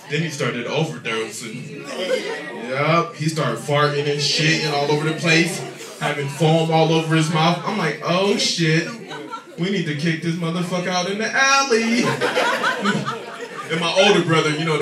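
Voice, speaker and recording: A man doing a profane, animated stand-up comedy set on a club stage, with shouted punchlines. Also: on the high side. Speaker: stand-up comic. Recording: echoey club audio recorded from a distance. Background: loud crowd laughter.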